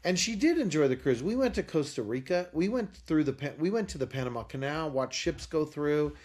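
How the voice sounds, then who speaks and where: Animated storytelling man, fairly high voice. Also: fairly quick. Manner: animated, acts out quoted dialogue. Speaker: guest, company founder. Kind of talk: storytelling in a podcast interview.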